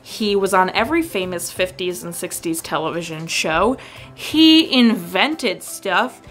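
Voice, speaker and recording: A woman's voice: on the low side, expressive, unhurried, fairly bright tone, soft background music. A woman hosting a film review vlog, chatting enthusiastically and rattling off cast lists and trivia. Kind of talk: casual vlog commentary.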